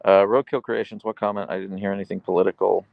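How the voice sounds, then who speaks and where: A man's voice: low-pitched, little pitch movement, fast talker, gravelly, dry recording, lo-fi sound. A man hosting a casual live stream, chatting easily as he answers viewers' questions. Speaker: livestream host reading chat.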